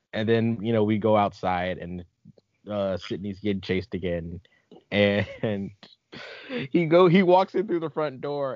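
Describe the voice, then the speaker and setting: A man in a relaxed podcast chat, breaking into laughter as he recaps scenes with enthusiasm. His voice sits at a middling pitch, recorded dry and slightly dull, lo-fi. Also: dry recording. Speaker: podcast host. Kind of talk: casual movie-recap chat.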